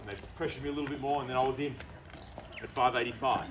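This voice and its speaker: An Australian man working as an auctioneer, calling bids in a quick, persuasive patter at an outdoor property auction. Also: mid-range voice, steady tone. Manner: fast, persuasive auction patter with repeated bid calls. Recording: distant outdoor mic with background noise.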